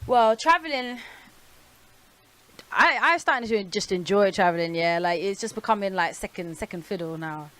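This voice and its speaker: A young woman from North London with a London accent, chatting candidly as a radio guest, animated and swearing freely. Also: mid-range voice, normal speed. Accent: London English. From North London, England. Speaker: guest performer. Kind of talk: casual interview chat.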